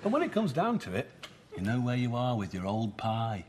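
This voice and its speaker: A man's voice: mid-range voice, wildly swooping pitch, moderate pace, very noisy. An actor playing a goofy best man, rambling from one silly joke to the next in a sitcom. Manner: jokey, rambling, goofy asides. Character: clownish, rambling male best man, young adult. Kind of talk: sitcom acting. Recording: TV sitcom recording with loud audience laughter.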